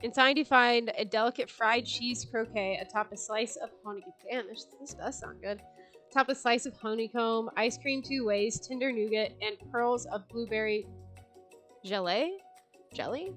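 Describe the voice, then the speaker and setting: Young woman streamer, higher voice, playful and foul-mouthed, reads game text with faint music behind. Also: fairly even intonation, moderate pace, a bit bright. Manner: playful, jokey, swears casually. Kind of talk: reading a game aloud with commentary.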